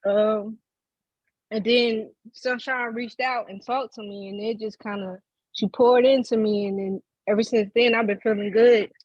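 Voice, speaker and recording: A woman who is a member of the program, speaking haltingly about her experience on a video call. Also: fairly high pitch, fairly even intonation, darkish tone, no room sound. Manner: halting, searching for words. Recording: dull lo-fi call audio.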